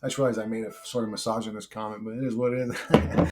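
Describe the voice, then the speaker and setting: A man's voice: on the low side, flat delivery, quick pace, a little mellow, a little hiss or hum. A man casually reading and answering viewer comments, brash and profane, rambling with many restarts and frequent laughter. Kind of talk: casual comment-reply monologue.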